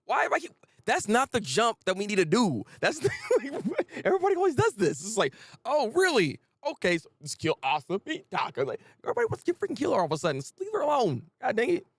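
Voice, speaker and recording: A man hosting a live manga reaction stream, talking in excitable, exclamatory, slang-filled rants. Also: very high voice, quick pace, vocal fry, husky, no room sound.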